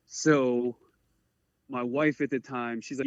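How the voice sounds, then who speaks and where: Speaking as a podcast guest, this Eastern Shore of Maryland firefighter in his forties tells his own story with earnest hesitation and frequent "like" fillers. His tone stays steady at a typical middle male pitch. There's no echo, and the sound is dry and a bit muffled.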